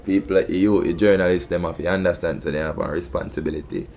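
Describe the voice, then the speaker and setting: A man's voice: deep voice, fairly even intonation, fast, creaky, a little mellow, a little hiss or hum. A man with a Jamaican accent hosting casual commentary, often asking "you see me". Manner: conversational, repeats "you see me". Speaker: host. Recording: muffled lo-fi audio.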